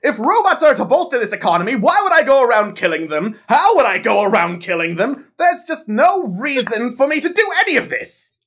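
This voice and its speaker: A woman's voice: on the high side, big pitch swings, a little fast, hardly any pauses, breathy edge, exaggerated voice. A woman voicing a defensive male doctor in an amateur online audio drama, talking in an indignant, flustered way.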